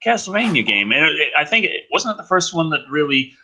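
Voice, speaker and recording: A man's voice: fairly high pitch, very animated, brisk, pushed and bright. A man hosting a casual online show who makes sarcastic quips and jokes. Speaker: host. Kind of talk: casual podcast chat.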